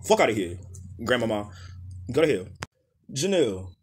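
A man in the middle of his pitch range delivers a comedic fashion roast as host. His put-downs are blunt, sassy and full of swearing. He swings from loud jabs to low, dismissive mutters. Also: very animated, normal speed, a little hiss or hum.

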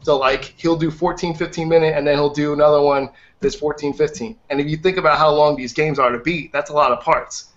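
A man with a slightly high voice rambles through casual group talk, filling it with "like". His voice comes through a dull, lo-fi recording. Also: fairly even intonation, fairly quick, a bit bright. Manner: rambling, uses "like" a lot. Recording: dull lo-fi audio.

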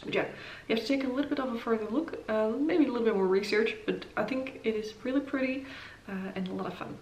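A woman's voice: on the high side, fast talker, a little mellow, reverberant, a little hiss or hum. A woman hosting a casual knitting vlog, reviewing patterns in a chatty way with many ums and uhs, recorded on a camera mic. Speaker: knitting channel host.

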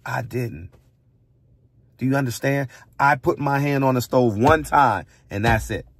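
A man's voice: mid-range voice, unhurried, creaky, husky, no echo. A middle-aged man from the United States delivering a heated monologue from a barbershop, blunt and preachy, repeating lines and firing rhetorical questions. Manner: hammers points with rhetorical questions. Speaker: barbershop commentator.

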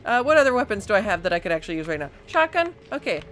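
A woman's voice: medium pitch, expressive, very fast, fairly bright tone. A young woman giving let's play commentary on a horror game, panicking and swearing as she talks back to the game. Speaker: gaming streamer.

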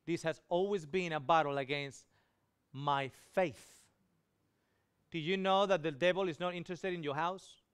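A man's voice: high voice, clean tone. A man preaching a sermon, telling a personal story with emphatic swells of feeling. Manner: emphatic, swells louder on key lines. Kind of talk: sermon testimony.

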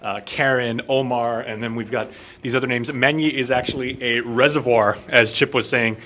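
A man's voice: mid-range voice, fairly even intonation, moderate pace, bright, forceful tone. Male news host, casual and talkative, loose filler-heavy delivery. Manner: chatty, joking, many fillers. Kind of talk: casual live news chat.

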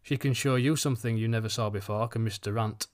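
A man voicing an easygoing, drowsy old farmer with a Yorkshire accent and gruff dialect speech. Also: medium pitch, fairly even intonation, quick pace, natural voice.

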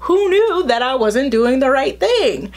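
Young woman vlogger, slightly high voice, chatty storytime, acts out quotes. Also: sing-song, unhurried, darkish tone. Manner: chatty, fills speech with "like". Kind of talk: casual storytime.

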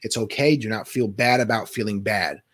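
A man's voice: lowish voice, normal speed, fairly bright tone. A man hosting an interview show, friendly and supportive, affirming his guest as he talks. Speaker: podcast host. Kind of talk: casual interview chat.

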